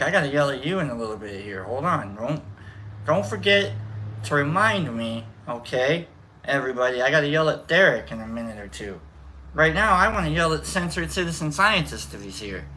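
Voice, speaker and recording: A man's voice: on the high side, expressive, moderate pace, pauses often, sharp tone. A man hosting a casual livestream, playfully greeting his viewers by name in a mock-formal manner. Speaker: livestream host.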